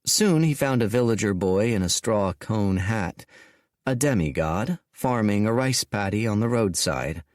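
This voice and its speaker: Brief: measured male audiobook reader, deliberate pacing, dry studio sound. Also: fairly low pitch, no room sound. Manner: slow, deliberate, expressive reading. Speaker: audiobook narrator. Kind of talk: scripted audiobook narration.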